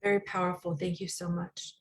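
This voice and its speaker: A woman's voice: lowish voice, flat delivery, brisk. Gracious woman hosting a poetry event. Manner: gracious, with many "um"s. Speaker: event host.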